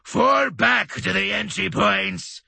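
A man's voice: high-pitched, slow, creaky, pushed and bright, slightly rough, no room sound, voice pushed up, full character voice. A man voicing a roaring warrior commander. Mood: grim. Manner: roaring, urgent. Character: battle-hardened male warrior commander, barking orders.

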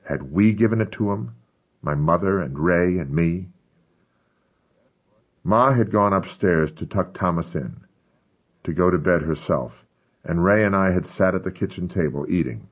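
A man's voice: low-pitched, unhurried, long pauses, slightly rough. A man narrating a first-person memoir with grave, intense storytelling, on a dull lo-fi recording. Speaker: audiobook narrator.

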